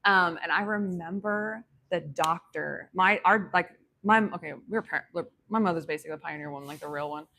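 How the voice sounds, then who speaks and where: A woman's voice: lowish voice, fairly quick, creaky, bright, forceful tone, a little hiss or hum. A woman telling a personal story in a casual, rambling way, full of fillers and restarts, reflective and spiritual in tone. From grew up on a ranch.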